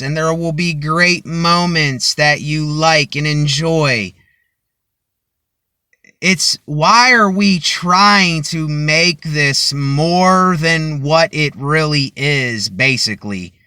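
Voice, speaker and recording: A man delivers a motivational vlog monologue into a cheap phone in his car. His voice sits a touch high and sounds bright and forceful, and he projects every word as if addressing a crowd. The sound is dry and close, and his pace is very slow and measured. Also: no room sound. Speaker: vlogger. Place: inside a car.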